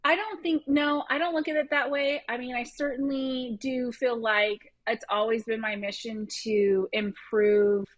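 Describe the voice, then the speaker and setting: A slightly higher-voiced woman talks as a guest on a podcast. She tells stories quickly and brightly, acting out what her clients say. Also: fairly even intonation. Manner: upbeat, quick storytelling, acts out her clients' reactions. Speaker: HR consultant guest. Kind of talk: casual conversational interview.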